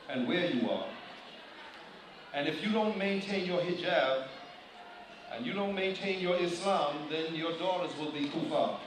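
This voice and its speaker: Man preaching, high voice, far off mic, big echo and room noise. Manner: animated, addresses audience directly with questions. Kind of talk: sermon to a congregation. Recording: distant mic, loud room ambience.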